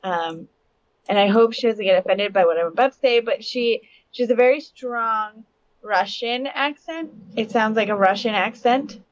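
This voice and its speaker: A woman's voice: a little high, normal speed, no echo, lo-fi sound. A young adult woman co-hosting a podcast, telling stories in a chatty way and laughing often. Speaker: podcast co-host. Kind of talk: casual podcast chat.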